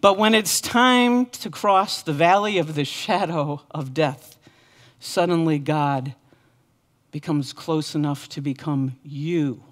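A woman's voice: low-pitched, slow. A woman pastor preaching a sermon with earnest, impassioned repetition. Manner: earnest, impassioned repeated lament.

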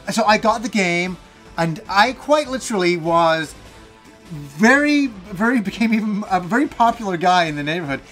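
A high-pitched man in his forties tells a rambling personal story on his gaming channel. He talks in an animated, self-mocking way and swears freely. Faint music plays behind him. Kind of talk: casual storytelling monologue.

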